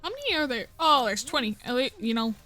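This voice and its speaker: A woman's voice: high-pitched, very animated, fast talker, pushed and bright, faint music behind. A woman streaming a game, rambling in casual commentary and stumbling over names.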